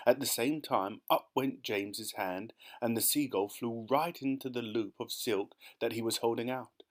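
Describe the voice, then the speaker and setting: A man's voice: mid-range voice, normal speed. Man narrating a children's audiobook. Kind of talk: scripted narration.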